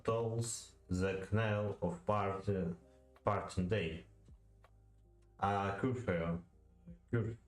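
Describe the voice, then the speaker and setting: A low-voiced man whose first language is Russian thinks his way aloud through a lesson on poetic meter. He speaks slowly, with a lot of hesitation, halting restarts and repeated words. The recording has a roomy echo and faint music in the background. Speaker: language learner. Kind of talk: thinking-aloud study session.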